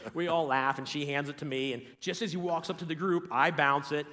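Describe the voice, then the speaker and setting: A man's voice: fairly high pitch, steady tone, a little fast, sharp tone. A man co-hosting a church show, telling a funny story in a casual way, acting out the other people's lines and laughing often. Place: large empty church auditorium. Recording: long hall reverb.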